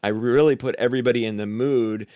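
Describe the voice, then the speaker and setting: A man's voice: mid-range voice, fairly even intonation, fast, a little mellow, dry recording, highs cut off. A man talking casually on a podcast about role-playing, earnest and explanatory.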